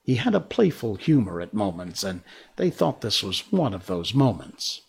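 A man reading a storybook aloud in a slow, expressive way. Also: fairly low pitch, creaky, breathy edge.

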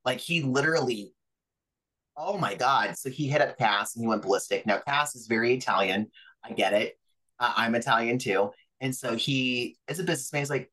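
A young adult man, a pro wrestler guest on a podcast, telling stories in a lively, profane way and acting out other people's voices. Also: mid-range voice, normal speed, poor audio. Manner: animated, profane, acts out quoted voices. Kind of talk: casual interview storytelling.

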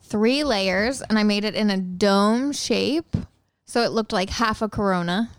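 A woman's voice: mid-range voice, unhurried, clean tone, no room sound, studio quality. A woman co-hosting a podcast in casual chat, chatty and detailed with many fillers. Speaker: podcast co-host. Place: home.

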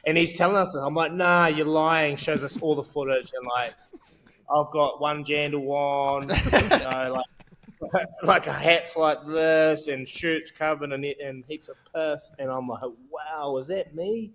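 A man's voice: a little high, fairly even intonation, a little slow, fairly bright tone. A man in his thirties with a New Zealand accent, a podcast guest telling candid, self-mocking stories in laddish slang. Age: 30s. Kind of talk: casual storytelling chat.

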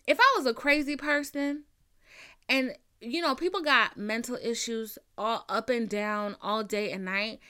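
A young woman with a slightly high voice hosts a podcast and tells her story as a casual, heated rant. She swears freely and acts out what others said to her, switching into their lines as she goes. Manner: blunt, profane, animated retelling with mimicked quotes. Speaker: podcast host.

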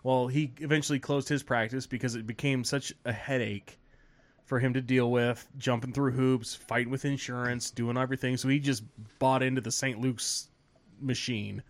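A man in the middle of a long, rambling podcast story, swearing freely and breaking into laughs. He slips into the voices of the people he describes. His voice sits at an ordinary, middle pitch. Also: moderate pace. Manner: animated, swearing, laughing while telling stories, acting out quoted people. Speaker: podcast host. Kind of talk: casual storytelling.

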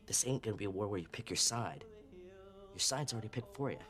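A man's voice: fairly low pitch, lively intonation, fast talker, fairly bright tone. An actor playing a blunt, dismissive man holding forth in film dialogue. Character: blunt man holding forth during a drug-fuelled hotel chat.

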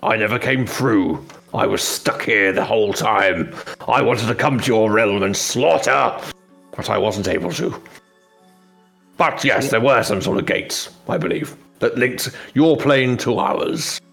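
A man voicing a grumpy male demon lord in a tabletop game, gruff and blustering. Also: lowish voice, measured pace, a bit bright, soft background music. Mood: grumbling. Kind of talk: tabletop role-play voice.

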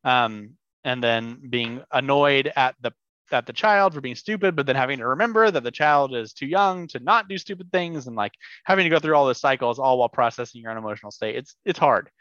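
A man's voice: mid-range voice, expressive, a little fast, a bit bright, no echo, highs cut off. A man co-hosting a podcast, speaking casually and thoughtfully, often saying "like". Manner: thoughtful, uses filler like. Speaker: podcast co-host. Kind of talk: casual conversational chat.

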